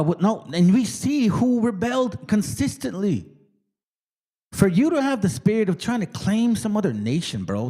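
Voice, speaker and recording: A man's voice: high voice, dark tone, slightly rough. A man hosting a Bible study commentary, emphatic and streetwise, who keeps checking in with the listener. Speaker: host.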